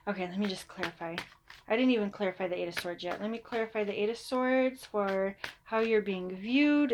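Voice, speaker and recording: A woman's voice: medium pitch, darkish tone, a little hiss or hum. A woman giving a casual, chatty tarot reading. She reassures her listeners and now and then mimics them in a mock voice. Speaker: tarot reader.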